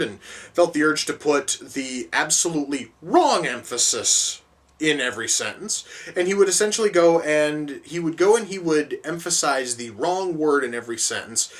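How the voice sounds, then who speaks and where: A man's voice: mid-range voice, fairly bright tone, distant mic. A man reviewing a film in a profane, exasperated rant that rambles and often restarts sentences. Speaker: movie reviewer. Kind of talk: profane movie reaction rant.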